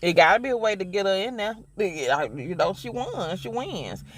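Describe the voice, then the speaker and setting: High-voiced Mississippi man, profane. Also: very animated, normal speed, fairly bright tone. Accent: Mississippi Southern. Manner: profane, emphatic, rambling. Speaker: TV show reviewer. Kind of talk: casual review monologue.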